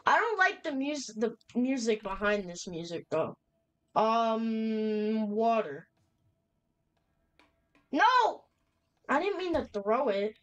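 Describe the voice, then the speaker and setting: Young woman, horror let's-play commentary, raised pitch, unhurried delivery, nervous slangy reactions. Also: sing-song, lo-fi sound. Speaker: gamer playing a horror game.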